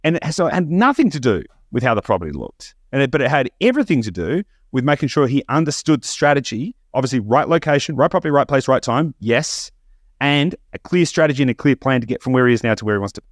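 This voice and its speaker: Fast-talking animated man. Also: medium pitch, no room sound, clean studio sound. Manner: fast, animated, stumbling restarts. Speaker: podcast host. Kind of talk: casual podcast chat.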